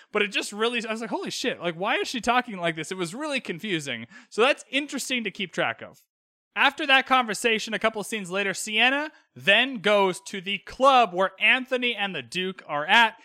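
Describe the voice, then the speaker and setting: A man casually recapping a TV episode as a podcast host, candid and animated, swearing freely. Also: high voice, no room sound, studio quality.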